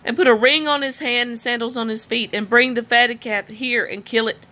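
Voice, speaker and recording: A woman's voice: a little high, fairly even intonation, normal speed, pushed and bright. A woman reading a Bible passage aloud and praying, earnest and emotional, at times crying as she speaks. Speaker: scripture reader.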